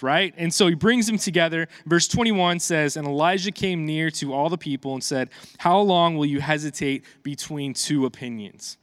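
A man's voice: fairly high pitch, normal speed, few pauses, a bit bright, dry recording. A man in his thirties preaching a casual sermon, reading scripture aloud and breaking off for conversational asides to the congregation. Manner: conversational, chatty asides to the congregation, frequent restarts and fillers. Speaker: pastor.

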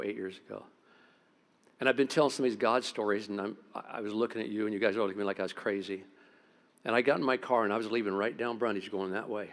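A middle-aged pastor, preaching a sermon through stories, swinging between loud outbursts and quiet, intense moments. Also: male voice, on the low side. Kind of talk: sermon with storytelling.

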